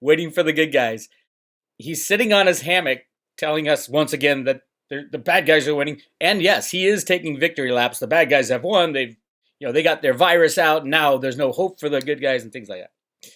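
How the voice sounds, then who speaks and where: Middle-aged guy rambling on his channel, kinda high voice, sarcastic, does mocking voices. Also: fairly quick, a bit bright. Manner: rambling, sarcastic, mocks others in put-on voices. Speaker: channel host. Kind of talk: casual monologue to camera. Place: home, Northern California.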